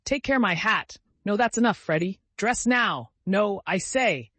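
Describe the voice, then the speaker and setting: A flustered middle-aged clergyman calling out warnings at the top of a thin, high voice, as a male narrator plays him. Each cry leaps up and cracks with alarm. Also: animated, unhurried, no room sound. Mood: alarmed shouting. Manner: shouting, exclaiming, high-pitched.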